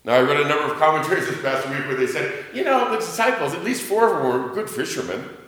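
A man's voice: big pitch swings, quick pace. Preaching man in a reverberant church. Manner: dramatic swings between booming emphasis and quiet asides; jokey with the congregation. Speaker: pastor. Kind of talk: sermon. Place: church sanctuary.

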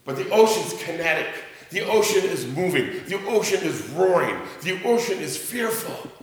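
A man preaching a sermon as pastor, joking with his congregation and swinging between booming emphasis and quiet asides. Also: sing-song, normal speed, a little hiss or hum. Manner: jokey with the congregation. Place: church sanctuary. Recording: roomy church reverb.

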